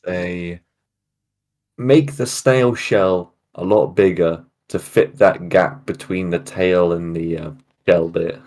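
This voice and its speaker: A British man chatting casually on a call, halting and full of fillers as he gives drawing tips. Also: low voice, fairly even intonation, a little mellow. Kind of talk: casual chat.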